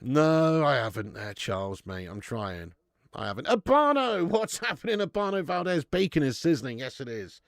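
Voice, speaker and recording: A man's voice: on the high side, big pitch swings, normal speed, vocal fry, dry recording, studio quality. A man in his thirties hosting a live football watch-along, bantering with chat viewers and swearing casually. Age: 30s. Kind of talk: casual live-stream chat and match commentary.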